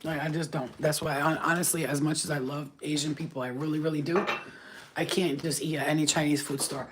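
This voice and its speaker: A woman's voice: deep voice, fairly even intonation, quick pace, slight background noise. A woman of Albanian background hosting a spiritual healing channel, talking to camera in a blunt, profane, rambling way with many fillers. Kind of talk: casual unscripted rant to camera.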